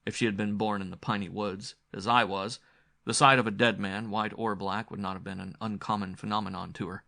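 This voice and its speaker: Deep-voiced man narrating a grim horror tale. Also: level tone, fairly quick, gravelly, pushed and bright. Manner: dramatic, grim storytelling. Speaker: audiobook narrator. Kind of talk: first-person audiobook narration.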